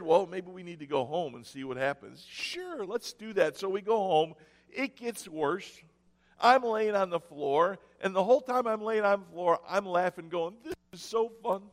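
High-voiced man preaching in a reverberant hall. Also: animated. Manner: storytelling with sarcastic mock cheer, dramatic pauses. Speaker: pastor. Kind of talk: sermon. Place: church sanctuary.

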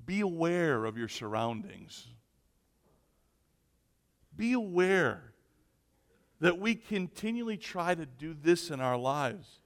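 Slow, emphatic male preacher in an echoey hall. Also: on the high side, big pitch swings. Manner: slow, emphatic, with swings between loud and soft. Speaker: pastor. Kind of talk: sermon.

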